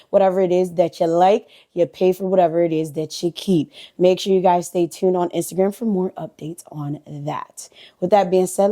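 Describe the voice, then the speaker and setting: Profane, animated young woman vlogger. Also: fairly low pitch. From New Jersey. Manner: animated, profane, talks straight to viewers. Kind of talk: casual storytime vlog.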